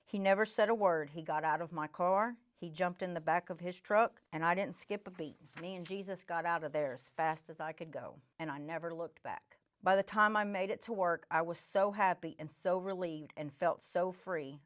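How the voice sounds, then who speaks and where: Earnest middle-aged woman, low voice. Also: moderate pace, few pauses. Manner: earnest, reflective storytelling. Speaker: church member giving testimony. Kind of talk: personal testimony narration.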